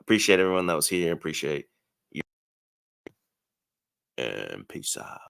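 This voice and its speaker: A man's voice: rumbling low, big pitch swings, a little slow, gravelly, fairly bright tone, clear, resonant tone, no room sound. A man hosting a stream, chatting casually and laid-back, trailing off as he signs off, on a close desk mic. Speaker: stream host. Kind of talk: casual stream sign-off chat.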